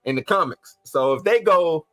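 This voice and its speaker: Lively, chatty podcast co-host man. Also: a little high, normal speed, no room sound, soft background music, rough recording. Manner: relaxed, chatty, slangy. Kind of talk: casual chat.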